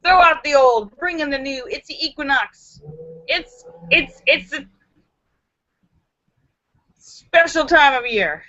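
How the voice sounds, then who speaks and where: A woman's voice: sits high, takes it slowly, long pauses, pushed and bright, no room sound. A woman hosting a live stream, reading viewers' jokes aloud with theatrical flair, chatty asides and frequent laughter, on a dull, lo-fi computer microphone. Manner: theatrical, jumps into voices and shrieks for punchlines. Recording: dull lo-fi dry sound.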